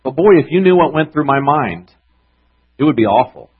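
Man, pastor, conversational sermon delivery, slightly high husky voice, muffled lo-fi church recording. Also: lively intonation, normal speed. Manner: earnest, conversational preaching with restarts.

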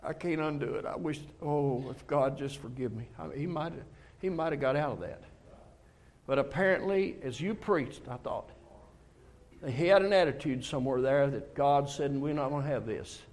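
A man's voice: fairly high pitch, normal speed, darkish tone. Older man, folksy preacher, storytelling sermon, heartfelt confessions. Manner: storytelling, acts out dialogues with God, emotional confessions.

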